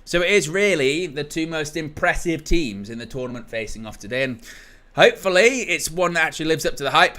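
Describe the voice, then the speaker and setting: Bright-voiced man hosting a stream. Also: mid-range voice. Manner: chatty, jokey, reads chat comments aloud. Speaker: host of a football watchalong stream. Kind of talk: casual live-stream chat.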